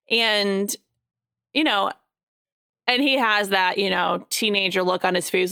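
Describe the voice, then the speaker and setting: A woman in her thirties with a gravelly, creaky edge, talking in a relaxed chat. She tells parenting stories with energy and acts out what she said to her kids. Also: medium pitch, unhurried. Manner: animated storytelling, quoting herself at length. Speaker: parent co-host. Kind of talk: casual chat.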